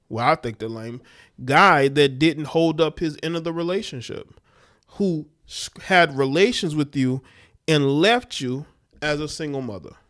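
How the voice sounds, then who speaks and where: A man's voice: fairly high pitch, a bit bright, clean tone. A man hosting a livestream who comments bluntly and scornfully, speaking straight to his viewers. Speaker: livestream host.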